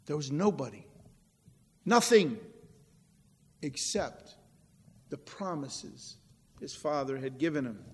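A man delivers a sermon from the pulpit at an unhurried, measured pace. His voice sits high for a man, and he swings from loud stresses to hushed, near-whispered drops. A long reverb trails every word through the church hall. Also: lively intonation, husky. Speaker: pastor.

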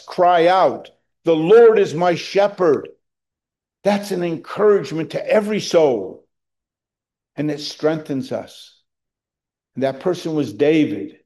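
A middle-aged pastor delivers a sermon in a slow, unhurried rhythm. His voice is mellow and somewhat high for a man, and he raises it with emphasis whenever he quotes scripture. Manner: slow, earnest preaching with emphatic rises on quoted verses.

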